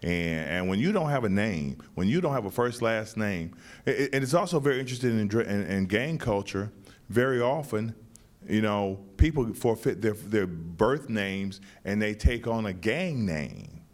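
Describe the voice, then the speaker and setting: A man who wrote and staged the play, answering interview questions in a thoughtful, halting way with many restarts. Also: lowish voice, lively intonation. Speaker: playwright and director.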